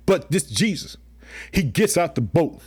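Emphatic preacher man, fairly high voice. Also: very animated, unhurried, a little mellow, breathy edge. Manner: emphatic, repeats "guess what" and "let me tell you something"; colloquial, calls listeners family. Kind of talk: sermon.

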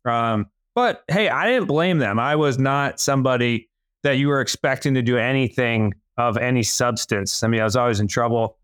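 A man from Massachusetts, a guest on a podcast, talking in an energetic, friendly way with quick bursts. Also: mid-range voice, clear, resonant tone, no echo, clean studio sound. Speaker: guest, real estate entrepreneur. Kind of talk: casual conversation.

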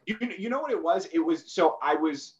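A man from New City, a podcast guest talking casually and haltingly, full of ums and uhs. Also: fairly high pitch, expressive, lo-fi sound. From New York City. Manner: hesitant, lots of fillers and restarts. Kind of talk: casual conversation.

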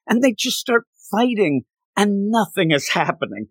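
A man co-hosting a casual comic book chat, ranting in an animated, exasperated way. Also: high voice, moderate pace, no echo. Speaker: podcast co-host.

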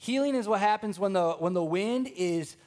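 Animated young man preaching a sermon. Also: high-pitched, moderate pace. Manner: storytelling, animated, addresses congregation directly.

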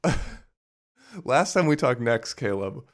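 A young man co-hosts a podcast in a mid-range voice that moves slowly with big pitch swings. The talk is casual and rambling, stuffed with fillers, and he laughs frequently.

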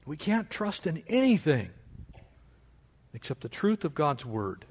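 A man preaching a sermon as pastor of his church, with animated delivery that mocks objections in a raised voice. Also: a little slow, slightly rough. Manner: animated preaching, mocking quoted objections in a higher voice.

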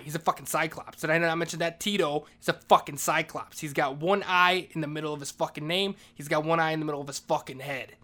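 A man's voice: medium pitch, a bit bright. A man doing a rambling, profane comedic monologue as a heartbroken janitor. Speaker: comedy podcast host playing a janitor.

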